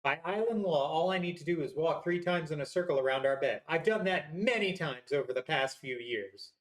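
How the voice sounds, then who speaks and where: A gamer voicing a blunt departing wife, in a flat, curt and somewhat lower delivery. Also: brisk, natural voice, poor audio. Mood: dismissive.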